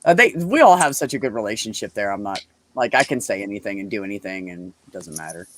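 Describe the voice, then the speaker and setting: Animated, lively-voiced man telling stories. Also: fairly low pitch, fast talker, slight background noise. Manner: animated storyteller, swears freely, acts out quotes. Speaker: podcast co-host; medical office worker. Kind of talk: casual chat.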